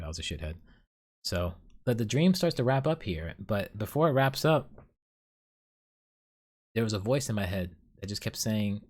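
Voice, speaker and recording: Rambling self-deprecating male podcaster. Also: on the low side. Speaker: podcast host. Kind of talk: casual solo storytelling.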